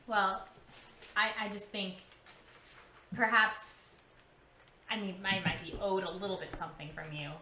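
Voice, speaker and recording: Bright, playful woman in a tabletop game. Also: medium pitch, unhurried, pauses often, reverberant, slight background noise. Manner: playful, wheedling. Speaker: player. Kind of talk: in-character tabletop role-play.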